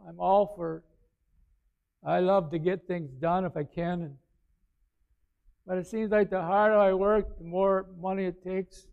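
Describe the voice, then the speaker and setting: A male pastor preaching a sermon, animated, swinging between quiet asides and loud bursts. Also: high-pitched, clear, resonant tone. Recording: slightly dull, lo-fi sound.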